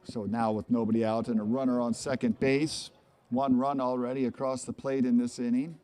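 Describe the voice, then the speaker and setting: A man calling a live baseball game play-by-play, chatty and rambling into asides between pitches. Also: little pitch movement, normal speed, warm tone. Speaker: play-by-play commentator.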